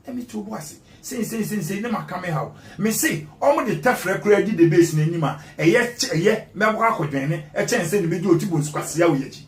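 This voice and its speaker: A man's voice: sits high, expressive, fairly quick, reverberant. A Ghanaian man giving an interview as a guest, emphatic and repeating words for stress. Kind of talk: animated interview talk mixing Twi and English.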